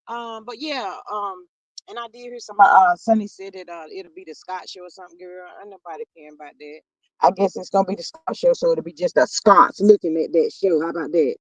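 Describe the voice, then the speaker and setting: A woman with a mid-range voice hosts a casual livestream, reading viewer comments aloud and greeting people by name in a drawling, chatty manner. The recording is dry.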